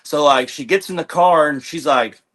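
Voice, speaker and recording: A young man recounts a chaotic day as a podcast guest, his voice bright and forward. He rambles, swears freely and acts out what everyone said. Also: fairly high pitch, moderate pace. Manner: rambling, profane, retells with quoted dialogue. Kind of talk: casual storytelling in a podcast chat.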